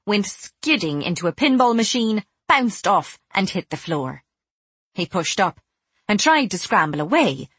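Husky low-voiced woman narrating an audiobook. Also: dry recording. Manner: cool, measured, quietly menacing in dialogue. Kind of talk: first-person audiobook narration.

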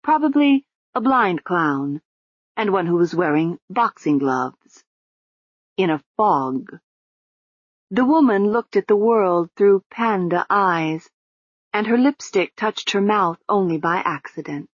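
A woman narrating an audiobook in an even, measured reading. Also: mid-range voice, slightly rough, dry recording, lo-fi sound.

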